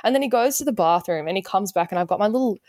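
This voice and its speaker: A woman's voice: medium pitch, expressive, racing, a little mellow, dry recording, studio quality. A young woman chatting casually as a podcast co-host, telling a story with lots of laughter and bubbly energy. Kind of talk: casual chat. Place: London.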